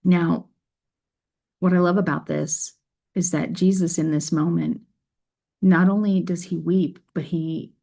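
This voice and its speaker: Low, gravelly-voiced woman reflecting earnestly. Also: steady tone, unhurried, long pauses, dark tone. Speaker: faith video creator. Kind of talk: scripture reading and reflective talk.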